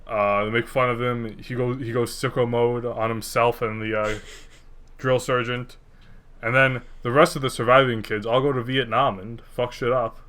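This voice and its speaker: A man's voice: medium pitch, level tone, moderate pace, fairly bright tone. A young man co-hosting a podcast in a casual, rambling chat, cursing freely. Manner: rambling, laid-back, swears freely. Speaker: podcast co-host.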